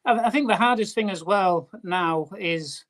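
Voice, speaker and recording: Halting Yorkshire man on a video call. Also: high voice, fairly bright tone. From Yorkshire, England. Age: 50s. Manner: halting, repeats words while thinking. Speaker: paranormal investigator, co-host. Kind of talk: casual video-call chat.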